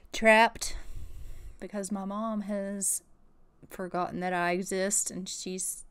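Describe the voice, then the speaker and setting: A woman voicing a neglected toddler girl stuck in a high chair, making whiny, self-pitying complaints in a video game. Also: a bit bright, smooth.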